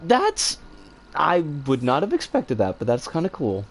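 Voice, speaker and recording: A man streaming and chatting casually, answering viewer comments in a rambling, animated way with some swearing. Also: a little high, unhurried.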